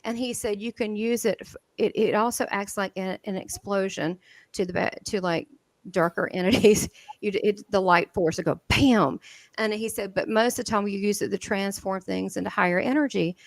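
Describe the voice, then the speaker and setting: A woman with a Southern American accent telling stories in an interview, lively and laughing often, with many restarts. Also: mid-range voice, moderate pace, no room sound. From southern United States. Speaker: guest medium. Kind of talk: animated storytelling in an interview.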